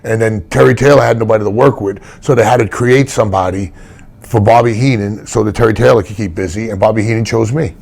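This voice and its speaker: A low, gravelly older man tells wrestling stories in a relaxed interview. He rambles, trips over his words and restarts often, and he speaks plainly. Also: fast. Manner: rambling, blunt, with many restarts. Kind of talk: casual storytelling in an interview.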